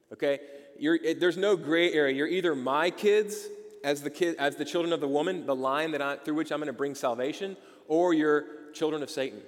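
A man preaching a sermon as pastor, emphatic and asking his listeners rhetorical questions, with frequent checks of "okay?". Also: on the high side. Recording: long hall reverb.

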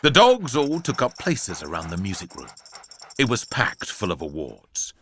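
A man reading a children's storybook aloud, lively and playful, punching out sound-effect words. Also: low-pitched, normal speed, slight background noise.

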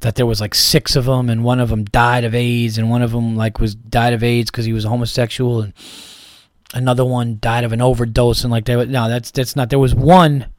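A man's voice: mid-range voice, level tone, a little fast, no room sound. A man hosting a podcast in a casual comedic monologue, rambling and profane with lots of restarts. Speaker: podcast host.

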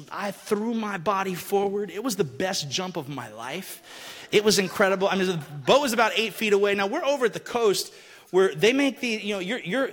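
A man preaching a sermon, telling stories and acting out the people he quotes, building to loud, forceful passages. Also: sits high, slightly rough. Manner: animated storytelling, acts out quotes, rising to shouts. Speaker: pastor. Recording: long hall reverb.

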